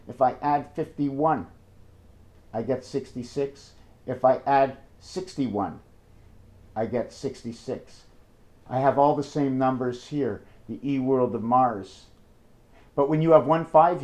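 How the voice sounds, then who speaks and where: A man in a rambling monologue, jumping excitedly between numbers and firing off rhetorical questions. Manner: wide swings in pitch and loudness. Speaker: numerology video maker.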